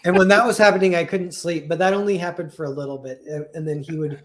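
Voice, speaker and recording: A young man with a somewhat high voice talks casually on a livestream. He rambles, restarts his sentences and fills them with "like," chuckling along as he goes. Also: fairly even intonation, fast.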